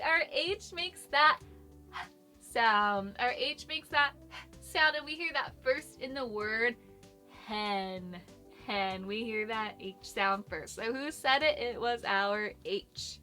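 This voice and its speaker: A woman's voice: high voice, pushed and bright. A young woman teaching a children's phonics lesson, encouraging and sing-song, praising often.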